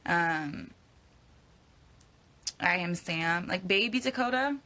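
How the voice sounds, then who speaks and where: A woman's voice: fairly low pitch, normal speed, gravelly, bright, forceful tone. A young woman answering fan questions in a casual live Q&A, rambling and hesitant as she stumbles over her words. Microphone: phone at arm's length.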